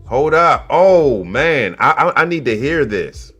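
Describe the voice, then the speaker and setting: A man hosting a comedy commentary show, animated and mocking, swinging between loud exclamations and low mutters. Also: takes it slowly, breathy edge, soft background music. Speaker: host.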